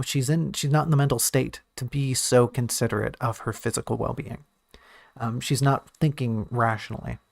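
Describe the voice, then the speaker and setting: A man's voice: mid-range voice, creaky, no room sound, clean studio sound. A man who writes and streams, talking casually and thinking aloud about a story draft, often restarting and correcting himself.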